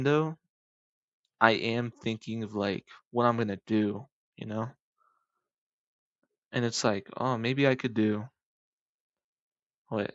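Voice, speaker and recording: A man's voice: mid-range voice, no echo, muffled recording. A young man in his late teens rambling casually over gameplay, joking and correcting himself as he goes. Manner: jokey, rambling, self-correcting asides. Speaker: gaming video maker.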